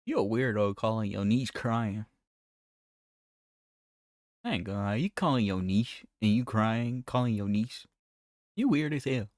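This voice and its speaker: A man's voice: fairly low pitch, animated, measured pace, pauses often, a little mellow, no echo, studio quality. A man, hosting reaction commentary and mocking the footage in a blunt, profane way. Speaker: reaction video host. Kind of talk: casual commentary.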